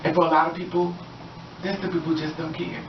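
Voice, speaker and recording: Emphatic woman storyteller, muffled sound with steady noise behind her. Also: low-pitched, quick pace. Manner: earnest and emphatic, with repeated phrases. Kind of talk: impassioned spoken monologue. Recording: distant echoey dull noisy recording.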